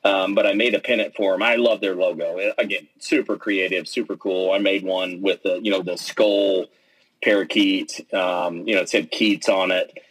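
A man being interviewed, telling stories in a casual, animated way with lots of fillers and restarts. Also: low-pitched, moderate pace, slightly rough, poor audio. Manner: animated storytelling, acts out quotes, many fillers and restarts. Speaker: interview guest, pennant maker and player.

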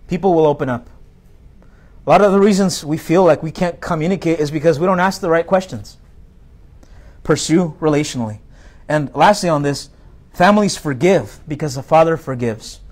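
A man's voice: on the high side, fairly quick. A male pastor preaching a sermon in a direct, conversational way, full of rhetorical questions to the congregation.

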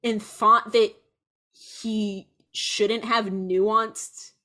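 A woman's voice: mid-range voice, drawn-out words. Rambling young woman podcast host. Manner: rambling, animated, many fillers. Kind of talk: casual chat.

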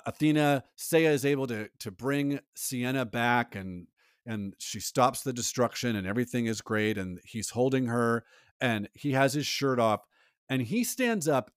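A man co-hosting a podcast in casual chat, animated and rambling, acting out lines from a movie. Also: medium pitch, dry recording, clean studio sound. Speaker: podcast co-host.

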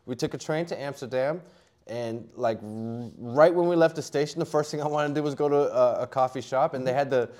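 A man's voice: medium pitch, fairly quick, darkish tone. A middle-aged man, a poker player guest, telling a story casually with lots of fillers, restarts and laughter.

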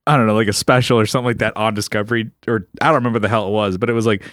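A man's voice: fairly low pitch, fairly even intonation, rapid-fire, fairly bright tone, no echo, studio quality. Young man riffing in casual chat. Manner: laughing, riffing along.

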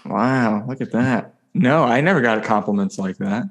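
A man in his thirties from Ohio, hosting a casual comedy podcast and asking curious questions. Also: medium pitch. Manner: curious, quick questions and easy laughs. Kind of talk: casual interview chat.

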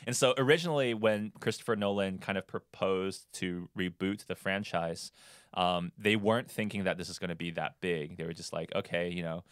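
Deep-voiced man chatting about films. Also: steady tone, normal speed, clean tone, dry recording, studio quality. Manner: rambling, with many fillers and restarts. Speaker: podcast co-host. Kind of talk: casual movie discussion.

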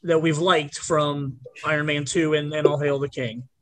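A man's voice: on the high side, level tone, normal speed. A man hosting a podcast, talking in a rambling, blunt way with frequent restarts. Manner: rambling, blunt, self-correcting. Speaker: podcast host. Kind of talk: casual chat.

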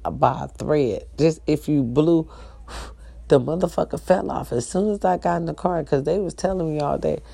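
A middle-aged woman with an African American Vernacular English accent, telling a blunt, profane, animated story straight to her listeners. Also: on the low side, gravelly. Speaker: online talk show host. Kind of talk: casual storytelling monologue.

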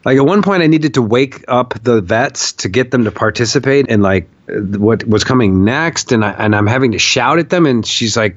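A man recounting a vision in a podcast interview, animated and profane, acting out the quotes he tells. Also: mid-range voice, a little fast, dry recording, dull audio. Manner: animated storyteller, swears, acts out shouted quotes. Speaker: podcast guest, documentarian. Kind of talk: storytelling in a long interview.

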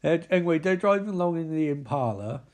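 A man's voice: fairly high pitch, animated, fast, darkish tone. A man giving rambling, sweary, sarcastic commentary over a film.

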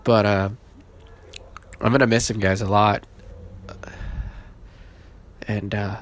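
A man hosting his own podcast, casual and halting, with many fillers and restarts, emotional and holding back tears. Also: lowish voice, level tone, slight background noise. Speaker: podcast host.

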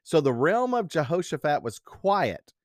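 A man's voice: on the high side, unhurried, no room sound. Guy preaching, lots of ups and downs in his voice, dry close sound. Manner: animated, acts out quoted speech. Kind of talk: sermon with storytelling.

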